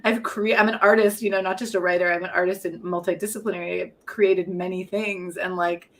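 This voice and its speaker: A woman's voice: lowish voice, fairly even intonation, a little fast. A middle-aged woman, a poet and professor, talking frankly and reflectively in an interview, often laughing at herself. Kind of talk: candid conversational interview.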